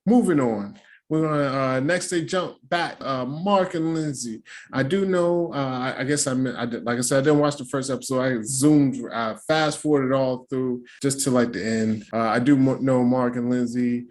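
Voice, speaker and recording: A man at a mid-range pitch gives a casual reaction-video recap. His delivery is loose and slangy, peppered with swearing and easy laughter. He drops into quick mocking impressions of the people he talks about. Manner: slangy and animated, with frequent laughs and playful quoted impressions. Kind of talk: casual profane recap commentary.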